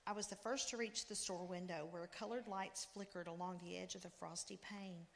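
A woman reading a story aloud with expressive storytelling. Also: fairly low pitch, moderate pace, creaky, slight background noise. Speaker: story reader. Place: church. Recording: long reverb in a church.

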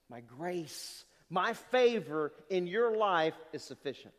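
Male pastor, high and animated delivery, sermon in a church with long reverb. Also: takes it slowly, hardly any pauses. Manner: animated preaching, rhetorical questions to the congregation.

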